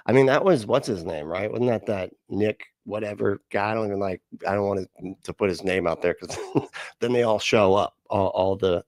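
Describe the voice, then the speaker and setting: A man's voice: lowish voice, a little mellow, no room sound, studio quality. A man hosting a reaction channel, rambling in casual commentary with lots of fillers and frequent laughs.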